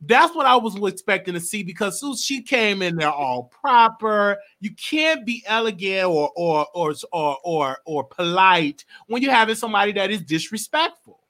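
A man's voice: high-pitched, sing-song, moderate pace, hardly any pauses, bright, forceful tone. A man hosting a live stream, giving casual, emphatic political commentary and swearing now and then.

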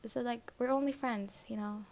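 A young woman with a fairly high voice tells a personal story in a loose, casual way. She swears a lot, fills gaps with fillers, and often sinks into a hushed whisper. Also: steady tone, moderate pace, a little hiss or hum.

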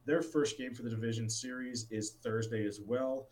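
A man's voice: medium pitch, fairly even intonation, moderate pace, darkish tone, a little hiss or hum, rough recording. A man co-hosting a casual sports talk show, enthusiastic and rambling, with plenty of restarts. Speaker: sports podcast co-host.

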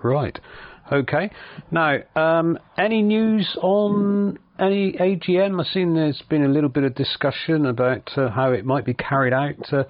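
A man hosting a local radio show, asking questions in a relaxed way and prompting with short "right"s. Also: on the high side, normal speed, no room sound, highs cut off. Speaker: radio host. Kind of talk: casual radio interview.

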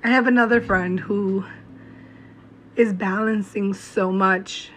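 A young mom vlogger talks to camera in a heartfelt monologue that is blunt, profane and encouraging, using slow, emphatic phrasing. Her voice is medium-pitched and fairly bright with fairly even intonation. The lo-fi recording sounds slightly dull, with a little hiss or hum and faint music behind her.

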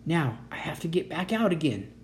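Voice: mid-range voice, very animated, a little fast, a little hiss or hum, natural voice. A storyteller voicing a small young male dragon who speaks with earnest, breathless urgency. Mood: urgent. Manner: eager, pleading, breathless urgency.

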